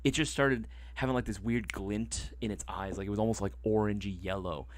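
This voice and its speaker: A man's voice: fairly low pitch, fairly quick, no room sound. A man hosting a live stream, telling stories in casual chat and swearing freely. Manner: animated storyteller, swears freely.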